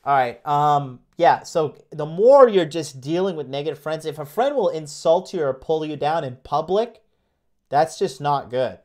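A man coaching his viewers on a livestream, brash and profane, hammering the same phrases again and again and slipping into mocking whiny voices. His voice sits a little high for a man. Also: expressive, measured pace, a little mellow. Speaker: dating coach and host. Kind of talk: livestream motivational rant.

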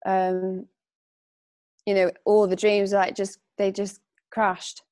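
A young woman chatting as an interview guest, her voice at an ordinary middle pitch. She talks loosely, with lots of fillers and frequent laughs, and she gets emotional. The sound is close and dry. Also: monotone, slow pace, darkish tone, no echo. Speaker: podcast guest. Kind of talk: casual interview chat.

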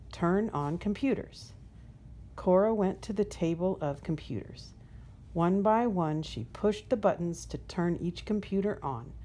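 A woman reading a children's picture book aloud in a gentle, unhurried storytelling manner. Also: lowish voice. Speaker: storybook reader.

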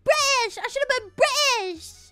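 A woman's voice: very high-pitched, lively intonation, normal speed, pushed and bright, pitched above the performer's own voice, heavily acted. A woman putting on a playful, exaggerated posh British voice as a joke. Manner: exaggerated posh put-on accent.

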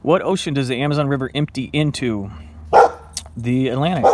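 A man's voice: mid-range voice, brisk, heavy background noise. A man casually quizzing himself on trivia while eating, playful and self-mocking, now and then talking to his dog. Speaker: vlogger.

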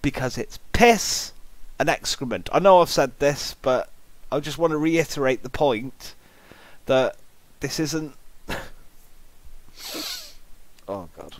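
Guy reacting to a clip, slow and dramatic, lots of pitch swings, super dry close sound, acting all grossed out. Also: expressive, no echo. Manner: exasperated, theatrical, jokingly disgusted. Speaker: reaction video commentator. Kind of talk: comic reaction commentary.

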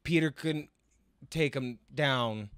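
A man's voice: mid-range voice, takes it slowly, fairly bright tone, clear, resonant tone, no echo, studio quality. A man co-hosting a podcast in casual chat, rambling and joking. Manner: rambling, jokey, full of fillers. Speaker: podcast co-host.

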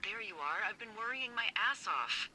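An actress playing an anxious female radio supervisor in a video game, talking haltingly over a walkie-talkie. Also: mid-range voice, lively intonation, loud music behind the voice. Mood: worried. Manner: halting, shaken, sighing. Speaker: game character. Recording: crackly radio, noisy game audio.

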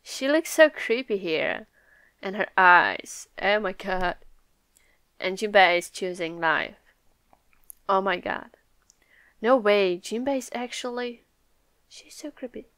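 A young woman hosting a live comic reaction video, excitable and laughing often, swearing freely. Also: mid-range voice, slow, pauses often, smooth, no room sound. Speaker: manga reaction video host.

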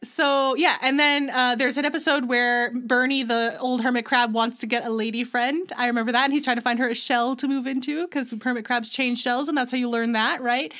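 A young adult woman co-hosting a podcast in casual chat, talking in quick, rambling runs with frequent restarts. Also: fairly high pitch, fairly even intonation, fairly bright tone. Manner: chatty, restarts often, slips into quick character voices. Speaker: podcast co-host.

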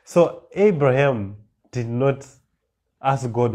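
Mellow-voiced man preaching a sermon. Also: medium pitch. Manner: reads verses slowly, then explains with rising emphasis and repeated words. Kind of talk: sermon, reading and explaining scripture.

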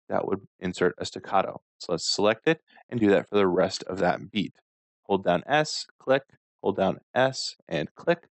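A man, a music instructor, calmly talking through a screen-recorded software tutorial step by step. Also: lowish voice, no echo. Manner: calm step-by-step walkthrough.

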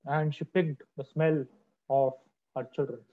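A man telling a story to children in an expressive, dramatic way over a video call. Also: fairly high pitch, a little slow. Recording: dull lo-fi online call audio.

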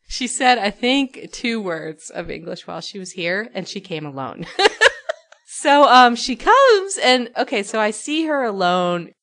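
Woman on a podcast, chatty story, keeps cracking up. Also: mid-range voice. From New Mexico. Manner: laughing storyteller, animated retelling. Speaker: podcast co-host. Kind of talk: casual chat.

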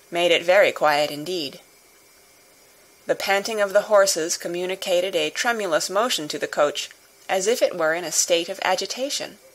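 Audiobook narrator, woman, slightly low voice, steady measured reading of a classic novel. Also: rough recording.

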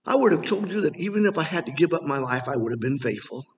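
A middle-aged male pastor preaching a sermon in a church, animated and rising to emphatic near-shouts. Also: fairly high pitch, fast. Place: church sanctuary. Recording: long hall reverb.

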